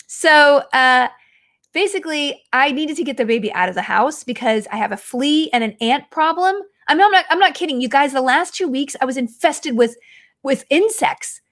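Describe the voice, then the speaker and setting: A woman's voice: a little high, a bit bright. A woman in her forties hosting a podcast, telling rambling, self-mocking stories in casual chat. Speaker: podcast host.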